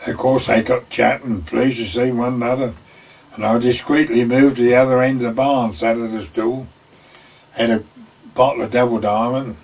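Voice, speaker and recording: Older man telling yarns, distant mic. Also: medium pitch. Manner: folksy anecdote, acting out the quoted voices. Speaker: former gamekeeper. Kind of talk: oral history storytelling. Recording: voice picked up from a distance.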